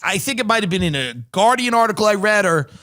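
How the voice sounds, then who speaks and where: A man hosting a podcast, rambling through sardonic comedic commentary with halting restarts. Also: sits high, lively intonation, sharp tone. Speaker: podcast host.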